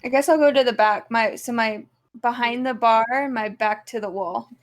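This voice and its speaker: A woman's voice: a little high, normal speed. A young woman playing in a tabletop game, hesitant and asking lots of questions. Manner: hesitant, full of ums and questions. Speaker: player. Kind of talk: casual chat in a tabletop game.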